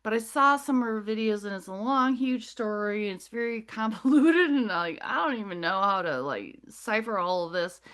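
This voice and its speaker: A woman's voice: medium pitch, animated, normal speed, hardly any pauses, a bit bright, smooth. A middle-aged woman telling a rambling personal story as a guest speaker, losing her thread and apologizing as she goes. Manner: scattered, loses her thread, apologetic asides.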